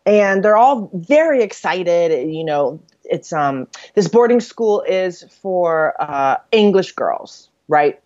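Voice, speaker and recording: A woman with a lowish voice co-hosting a chatty podcast, rambling through a story summary with plenty of ums and laughs. Her pitch swings widely as she talks. The recording sounds dull, lo-fi and dry. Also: animated, takes it slowly, few pauses, a little mellow, dry recording. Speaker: podcast co-host. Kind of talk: casual chat.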